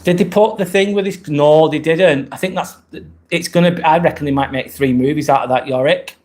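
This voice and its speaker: A man's voice: on the high side, a little fast, darkish tone. A man with an English accent hosting a casual live stream from an apartment, chatting and answering viewer comments as they come in. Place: rented apartment indoors.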